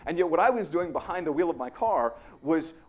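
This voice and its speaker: A man's voice: a little high, expressive, fairly quick. A young adult man preaching a conversational sermon as a pastor, self-deprecating, with frequent "right?" asides to the congregation.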